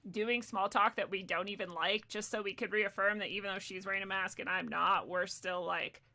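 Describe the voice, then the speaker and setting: A young woman hosting a casual conversation, laughing often and telling lively stories. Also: mid-range voice, fairly quick, a crowd in the background. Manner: laughs often, lively storytelling, acts out voices. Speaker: podcast host.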